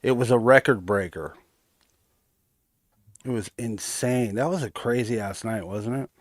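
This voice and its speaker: A man's voice: medium pitch, unhurried, no echo, studio quality. A man hosting a casual stream, cursing freely, joking and reading viewer comments aloud. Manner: profane, joking, reads chat aloud. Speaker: host.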